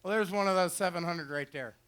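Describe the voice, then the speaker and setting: A dog trainer and show host talks into a handheld or headset mic beside the pond and dock at an outdoor fair, cracking folksy jokes while he shows off retriever dogs. His voice sits high and moves fast, with a slightly bright, clear, resonant tone.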